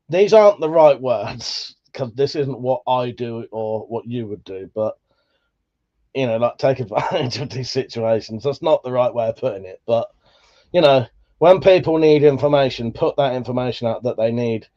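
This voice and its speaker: A man's voice: medium pitch, measured pace, lo-fi sound. Sweary Buckinghamshire man chatting on stream. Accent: Buckinghamshire English. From England. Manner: relaxed, sweary, laughs often. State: slightly worn voice. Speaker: livestream host reading chat. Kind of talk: casual chat.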